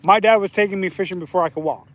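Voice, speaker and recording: A man, hosting a casual live fishing stream outdoors. He laughs often and gets loud and excited whenever a fish bites. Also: high-pitched, racing. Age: 40s. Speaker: fishing channel host. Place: outdoors by the water.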